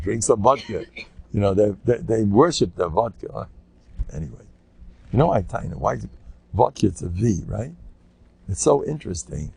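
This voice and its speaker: A man's voice: medium pitch, vocal fry. An older man, a rabbi, teaching an informal class and telling rambling stories, often laughing and restarting his sentences. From United States. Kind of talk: informal Torah talk with anecdotes.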